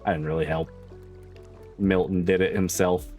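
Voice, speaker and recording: A man's voice: deep voice, steady tone, moderate pace, a little mellow, faint music behind. A man streamer chatting casually with his viewers, swearing freely and laughing often. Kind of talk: casual chat with livestream viewers.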